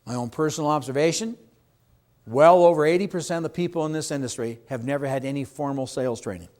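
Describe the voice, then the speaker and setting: A middle-aged man leads a sales seminar. His voice sits somewhat high for a man, and he speaks with emphasis, often turning to ask the audience questions and acting out client lines. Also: fast talker, darkish tone. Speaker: real estate sales trainer. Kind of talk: seminar talk to a live audience.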